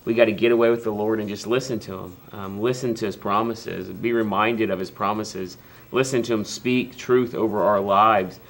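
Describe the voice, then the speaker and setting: A man's voice: on the low side, fairly even intonation, normal speed, fairly bright tone. A man hosting a devotional talk show in a TV studio, earnest and hesitant with many ums. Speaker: pastor, host.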